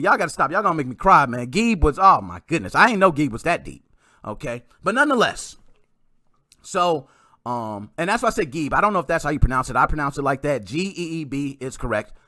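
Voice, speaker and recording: A man hosting a podcast, telling a story in a casual, excitable way with some mild swearing. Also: a little high, no echo, clean studio sound. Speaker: podcast host.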